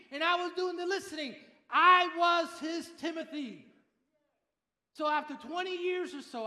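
Animated high-voiced older preacher. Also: male voice, roomy sound. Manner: animated storyteller, acts out quoted voices. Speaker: pastor. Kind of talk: sermon.

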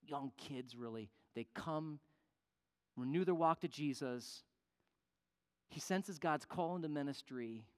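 Animated preacher man in a reverberant hall. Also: fairly high pitch, slow pace, long pauses, clean tone. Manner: animated storytelling, acting out voices in the story. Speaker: pastor. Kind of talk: sermon storytelling.

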